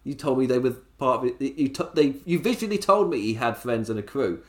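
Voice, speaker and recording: A man's voice: medium pitch, animated, a little fast. A man runs through a wrestling recap on his own, chatty and keen, laughing at his own asides. His mid-height voice swings up and down a great deal. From England. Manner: chatty, laughs often, enthusiastic. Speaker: wrestling show reviewer. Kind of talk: casual solo recap podcast.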